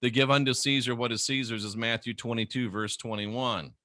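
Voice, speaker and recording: A man's voice: mid-range voice, steady tone, a little fast, pushed and bright, no echo, clean studio sound. A middle-aged man, a former minister, delivering a sarcastic, scornful ranting monologue to camera. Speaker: former minister turned critic.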